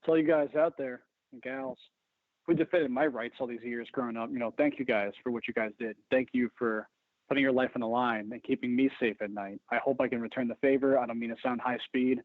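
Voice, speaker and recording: A man's voice: medium pitch, steady tone, fairly quick, dry recording. A man talking as a podcast guest in casual chat, intense and self-deprecating, swearing often. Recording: tinny phone-like line.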